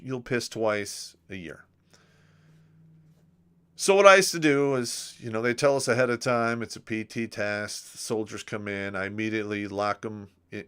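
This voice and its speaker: A middle-aged man hosts a casual livestream, swapping crude army anecdotes and chatting through viewer comments. His voice is bright and crisp, with a smooth, clean tone, and he often lets his phrases fade out at the end. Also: on the low side. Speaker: livestream host. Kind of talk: casual storytelling and reading chat comments.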